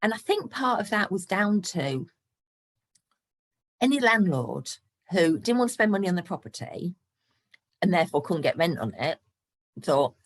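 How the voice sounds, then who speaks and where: Low-voiced, chatty woman in her sixties. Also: very animated, normal speed, long pauses. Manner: chatty and frank, laughing between points. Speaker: guest, property investor. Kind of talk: casual podcast interview.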